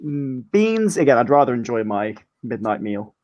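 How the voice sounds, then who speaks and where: A man jokes his way through a casual chat with a lively, bouncing voice, giving playful mock answers. The recording is dry and close to the mic. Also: medium pitch, normal speed, no room sound. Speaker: co-host.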